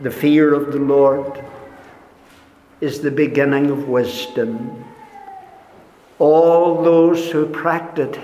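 Slow-preaching man in an echoey hall. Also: medium pitch, darkish tone, slight background noise. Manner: slow, deliberate preaching, dropping to near-whispers and rising in emphasis. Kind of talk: sermon. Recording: echoey hall with long reverb.

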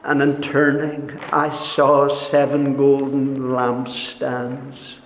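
A man preaching a sermon, speaking slowly and deliberately, sinking to hushed tones and rising for emphasis. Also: medium pitch, completely flat delivery, slight background noise. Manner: slow, deliberate preaching, dropping to near-whispers and rising in emphasis. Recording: echoey hall with long reverb.

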